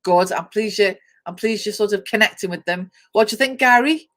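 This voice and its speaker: A woman hosts a live online chat show in a medium-pitched voice, speaking a little fast. She's chatty, reads lists of traits aloud, greets viewers by name, explains things step by step, and laughs often.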